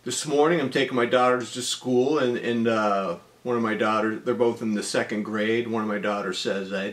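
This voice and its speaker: A man in his forties telling a personal story in a casual, deadpan-humorous way, with frequent ums and uhs. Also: lowish voice, normal speed, few pauses.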